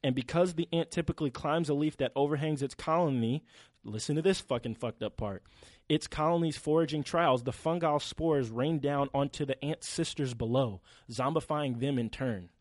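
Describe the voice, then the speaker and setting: A young man co-hosting a podcast, talking in an animated, slangy way and swearing freely. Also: fairly high pitch, normal speed, no room sound. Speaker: podcast co-host. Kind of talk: casual chat.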